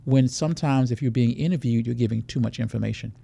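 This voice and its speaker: Man, security expert guest, gravelly voice, dry close sound. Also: mid-range voice, fast talker, dark tone, dry recording. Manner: explanatory, walks through scenarios. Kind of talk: podcast interview.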